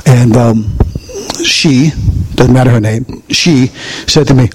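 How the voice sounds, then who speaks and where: A man preaching a chatty, conversational sermon as pastor in a church, swinging into high voices for quotes and asides. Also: slow, slight background noise. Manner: animated, chatty, jumps to high voice for quotes and jokes. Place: church sanctuary.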